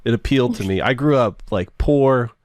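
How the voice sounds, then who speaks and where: A man's voice: mid-range voice, moderate pace, darkish tone, dry recording. A man hosting a podcast, chatting in a laid-back way and laughing easily. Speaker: podcast host. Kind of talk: casual chat.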